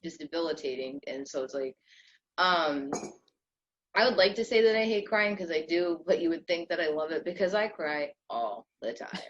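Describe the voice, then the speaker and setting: A young adult woman co-hosts a podcast, rambling through casual chat with plenty of fillers and restarts. Her voice is low with lively intonation at a moderate pace, and the lo-fi audio sounds slightly dull with faint noise.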